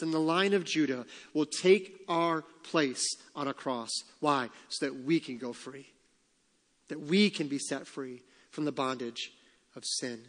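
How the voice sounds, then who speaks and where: A male pastor preaching a sermon, reading scripture aloud and acting out the quotes with lively emphasis. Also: on the high side, long reverb tail.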